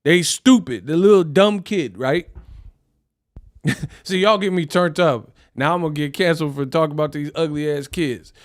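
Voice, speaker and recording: A man's voice: on the high side, moderate pace. A man hosting a live stream, ranting animatedly in casual talk and laughing often. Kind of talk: casual reaction rant.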